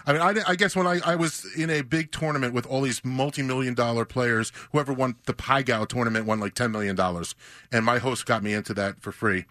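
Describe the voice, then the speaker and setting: Male guest, rapid lively anecdotes, dry studio sound. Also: medium pitch, no room sound. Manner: fast, animated anecdote-telling. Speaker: interview guest, former high roller. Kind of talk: casual storytelling.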